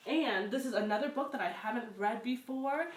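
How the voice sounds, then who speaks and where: A woman reading picture books aloud to children at story time, expressive and encouraging. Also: on the high side, normal speed, recorded from a distance. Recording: roomy echo, away from the mic.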